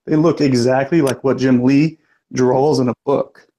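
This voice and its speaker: A man on a collectors' panel who is losing his voice and keeps clearing his throat, speaking in a measured, questioning way. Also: mid-range voice, fairly even intonation, noisy background. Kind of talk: casual panel chat.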